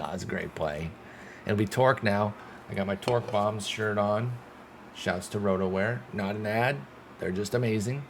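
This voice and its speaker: A man giving casual play-by-play commentary while playing a baseball game, excitable and swearing when things go wrong. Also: lowish voice, a little hiss or hum. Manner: excitable, swears when frustrated, talks to himself. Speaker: gaming channel host.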